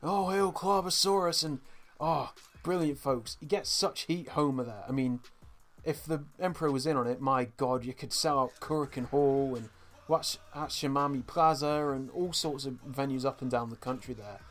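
A man co-hosting a casual podcast, walking through a cartoon episode with gusto. His voice sits at an ordinary middle pitch, and he throws himself into the retelling, acting out bits of the scenes and calling out to the folks listening. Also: normal speed, soft background music. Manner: animated storyteller, acts out scenes, addresses folks. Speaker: podcast co-host.

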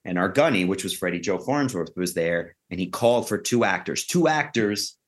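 A man with a fairly low voice, swapping stories on a podcast. He talks in an animated, profane, freewheeling way and builds his anecdotes with plenty of energy. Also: moderate pace. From Queens, New York. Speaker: actor guest. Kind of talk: casual podcast storytelling.

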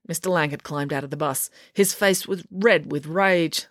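A woman narrating a children's audiobook in a lively, expressive way. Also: low-pitched, normal speed, hardly any pauses, no echo, studio quality. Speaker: author and narrator.

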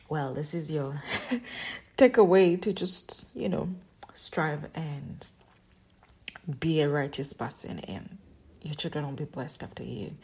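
A shy, soft-spoken woman hosting a devotional Bible-reading podcast, emotional and often laughing as she talks, recording while on vacation. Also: fairly low pitch. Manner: shy, introverted. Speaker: podcast host. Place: vacation lodging.

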